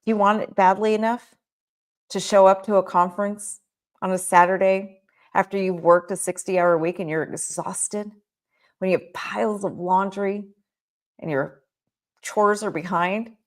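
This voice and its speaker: A woman's voice: mid-range voice, fairly even intonation, moderate pace. A woman gives a motivational talk to business owners, speaking emphatically and returning to the same rhetorical questions again and again. Her voice sits in the middle of the range for a woman. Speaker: child care business coach.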